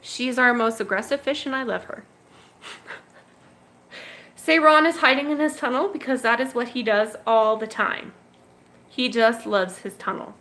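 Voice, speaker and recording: Woman, slow unhurried talk, fond and chatty, livestream from a home fish room, handheld camera. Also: on the high side, fairly bright tone. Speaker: betta fish breeder and channel host. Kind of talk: casual livestream chat. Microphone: handheld camera moved around the room.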